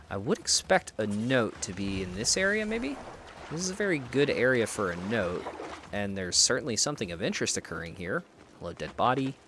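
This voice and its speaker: An American man with a lowish voice that swings widely up and down, talking loosely through a game as he plays. He rambles and pokes fun at himself, restarting sentences as he chats with his viewers. A faint hiss sits under the recording. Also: a bit bright. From United States. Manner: rambling, self-deprecating, thinks aloud with frequent restarts. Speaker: streamer. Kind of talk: live gameplay commentary, chatting with viewers.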